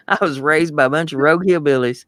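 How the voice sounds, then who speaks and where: A man's voice: on the high side, a bit bright, dry recording. A man from Ohio with a rural Ohio accent, co-hosting a casual livestream chat in a folksy, teasing way and laughing easily.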